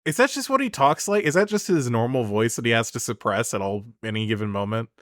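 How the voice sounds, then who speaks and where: A man's voice: mid-range voice, animated, quick pace, a bit bright, no room sound, clean studio sound. Giggly, rambling podcast co-host man. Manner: laughs often, rambling and profane. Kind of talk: casual movie chat.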